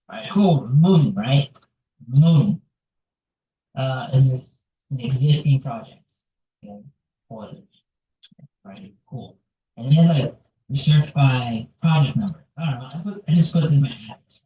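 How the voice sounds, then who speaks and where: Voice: mid-range voice, dark tone. A vlogger talking casually while walking through a website on screen, rambling and tossing in "like" and "right?" a lot. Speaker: real estate investor vlogger. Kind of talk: casual screen walkthrough vlog. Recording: echoey room, voice far from mic.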